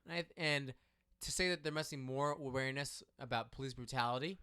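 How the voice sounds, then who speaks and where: A man talks in a lively, animated way, often breaking off and restarting his sentences. His voice is bright and forceful, with a smooth, crisp clarity. He is co-hosting a casual political chat. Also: medium pitch, a little fast. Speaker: podcast co-host.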